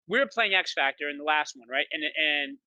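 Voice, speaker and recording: A man, a pro paintball player, chatting as a guest in an interview, telling boastful stories quickly and excitedly, with lots of "like". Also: fairly high pitch, no room sound, highs cut off. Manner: rapid, excited storytelling with many "like"s; boastful, trash-talking attitude. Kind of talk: animated interview chat.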